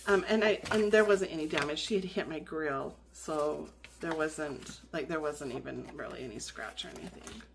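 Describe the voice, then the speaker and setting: A woman vlogger decorates her planner while chatting in a meandering way, full of fillers, restarts, and frequent laughs. Her voice sits low with vocal fry, and there's a little background noise.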